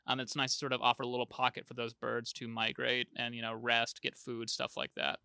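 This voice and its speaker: Bright-voiced young man chatting casually. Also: mid-range voice, completely flat delivery, fairly quick, vocal fry, clear, resonant tone, no echo, clean studio sound. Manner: laid-back, rambling, laughs easily. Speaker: podcast host. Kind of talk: casual chat.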